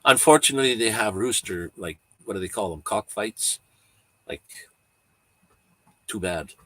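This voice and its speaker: A man hosting a relaxed livestream, wandering from one thought to the next with easy chuckles. His voice sits a little low and has a husky, slightly rough edge. He sounds unhurried and chatty, like he is talking to regulars. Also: dry recording. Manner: rambling, easygoing, chuckles often. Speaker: livestream host. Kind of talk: casual livestream chat.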